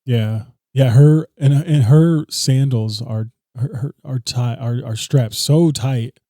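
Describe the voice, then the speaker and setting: Male podcast co-host, very dark tone, dry close sound, casual and profane. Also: mid-range voice, slow, no echo. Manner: loose, profane, laughs often. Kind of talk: casual film review chat.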